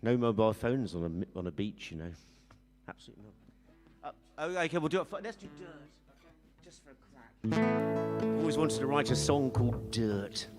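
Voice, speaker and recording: A man's voice: mid-range voice, lively intonation, brisk, long pauses. A man from England, a singer-songwriter joking with a live audience between songs in a wry, rambling, self-mocking way. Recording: live music playing behind.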